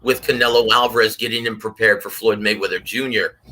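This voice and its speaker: A man giving his take on a boxing panel, telling stories and acting out quotes in a lively way. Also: on the low side, brisk. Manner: animated storyteller, acts out quotes. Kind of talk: casual panel commentary.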